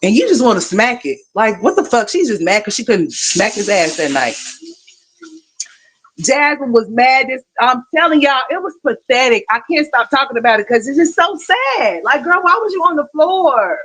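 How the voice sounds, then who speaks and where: A woman's voice: fairly high pitch, very animated, moderate pace, a bit bright, husky. A woman hosting a casual gossip commentary livestream, sassy and profane, talking straight to her viewers.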